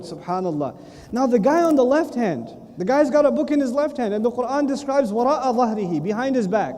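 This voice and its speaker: High-voiced man lecturing in a hall. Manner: animated storytelling with quick asides. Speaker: Islamic lecturer. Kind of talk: humorous religious lecture. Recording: long hall reverb.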